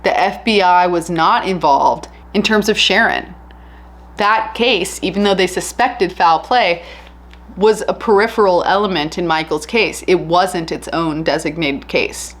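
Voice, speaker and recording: A woman casually narrating a true crime case, chatty and candid with an animated retelling. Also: fairly low pitch, measured pace.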